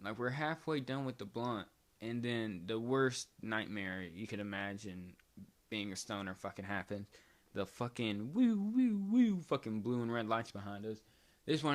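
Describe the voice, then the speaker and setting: A young man telling a casual storytime vlog story, rambling and swearing, with constant "like" fillers. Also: on the low side. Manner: rambling, profane, filler-heavy "like". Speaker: vlogger.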